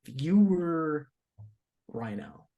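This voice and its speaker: A young man co-hosting a podcast, chatting casually in a relaxed, hesitant way with many fillers. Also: on the high side, very slow, muffled recording. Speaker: podcast co-host. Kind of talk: casual chat.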